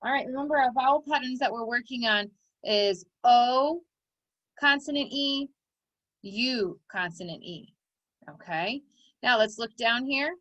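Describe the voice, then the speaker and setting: A woman's voice: fairly high pitch, measured pace, a bit bright, no room sound, rough recording. A woman teaching a recorded phonics lesson to children, giving encouraging step-by-step instructions.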